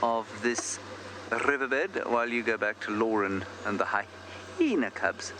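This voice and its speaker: A man's voice: fairly low pitch, a little slow. Wry joking male safari guide. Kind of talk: live game-drive commentary. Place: outdoors in the bush. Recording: noisy outdoor live feed.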